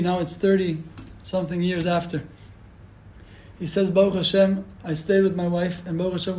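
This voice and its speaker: A man's voice: high voice, dark tone, poor audio. A man, a rabbi, telling stories in a sermon, acting out the quotes with feeling and mixing in Hebrew terms. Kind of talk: storytelling sermon.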